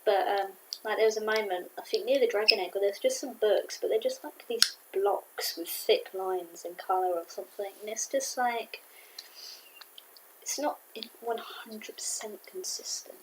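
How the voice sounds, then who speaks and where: A woman casually reviewing a cartoon episode to camera, rambling and excitable with many fillers. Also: medium pitch, moderate pace, few pauses, a little hiss or hum, rough recording. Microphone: camera mic.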